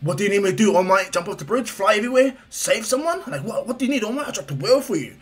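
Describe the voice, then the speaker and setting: A hot-headed teenage rival with a loud, cocky delivery, voiced by a man telling a story. His voice is raised and a little husky, swinging widely in pitch. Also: animated, moderate pace, exaggerated voice. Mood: brash.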